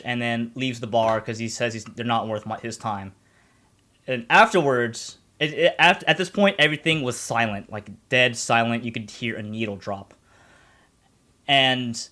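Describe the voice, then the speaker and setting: A man's voice: medium pitch, bright, forceful tone. A man casually retelling a story on a stream, rambling with lots of fillers, restarts and swearing.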